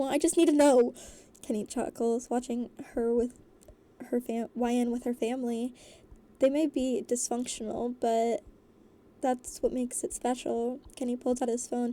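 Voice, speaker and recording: Woman narrator for a fan story, lively and giggly, warm and a bit high. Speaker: voice actor reading a story.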